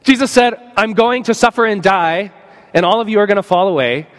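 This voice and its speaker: Pastor preaching with a high voice. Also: male voice. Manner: earnest, voices imagined speakers, slows for emphasis. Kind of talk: sermon. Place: church sanctuary. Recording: long church reverb.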